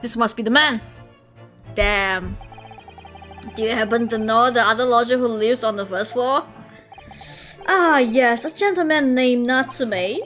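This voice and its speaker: A woman voicing a polite, earnest young Japanese lawyer man in a quiet, low-key tone. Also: measured pace, long pauses, faint music behind.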